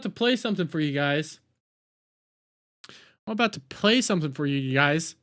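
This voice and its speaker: A man's voice: a little high, lively intonation, moderate pace, long pauses, fairly bright tone. Give me a man live-streaming reactions, swearing and incredulous, with faint music in the background. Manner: profane, exasperated, breaks into incredulous laughter. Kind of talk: casual live-stream commentary.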